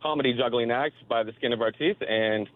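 A man's voice: medium pitch, brisk, dry recording. A man calling in to a radio show, telling a story in a laid-back, casual way. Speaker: caller. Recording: tinny phone line.

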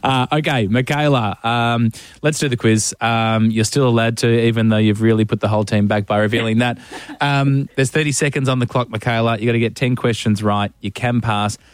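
A man's voice: medium pitch, steady tone, smooth, dry recording, studio quality. A man hosting a radio quiz, teasing his co-host and filling gaps with ums. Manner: teasing, quick, lots of ums.

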